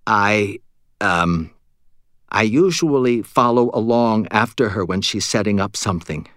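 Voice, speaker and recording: A man's voice: fairly low pitch, animated, unhurried, a bit bright, dry recording, studio quality. A man voicing a nervous, helpful young man who speaks hesitantly with fillers, in an audiobook. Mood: awkward.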